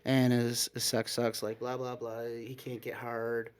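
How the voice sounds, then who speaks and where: Rambling male storyteller, animated. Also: medium pitch, a little slow. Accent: Upstate New York. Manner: rambling, animated retelling with frequent "like" and quoted exchanges. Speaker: guest storyteller. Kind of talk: casual storytelling.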